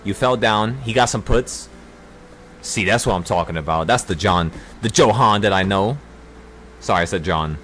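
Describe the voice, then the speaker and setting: A man's voice: on the low side, normal speed, fairly bright tone, slight background noise. A man leading a trading group, giving an intense, preachy livestream pep talk with profanity and a lot of repetition.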